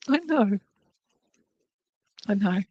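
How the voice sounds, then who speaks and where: A woman gives a mediumship reading at a church service, chatty and emotional, often checking in with "okay?". Her voice sits at an ordinary middle pitch for a woman. The sound is dry, with little room around it. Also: a little mellow, breathy edge, no echo, lo-fi sound. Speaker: spiritualist medium. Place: church service, streamed online.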